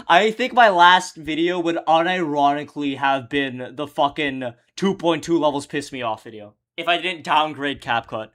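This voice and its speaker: High, bright-voiced young streamer man. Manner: loose, profane, joking; answers chat questions while working. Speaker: streamer editing his own videos. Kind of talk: casual livestream chat.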